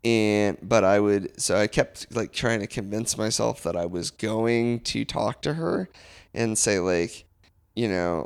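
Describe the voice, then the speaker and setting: A man co-hosting a podcast, telling a story in a halting, hesitant way with many pauses and fillers. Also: on the low side, creaky, clean tone. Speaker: podcast co-host. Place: apartment.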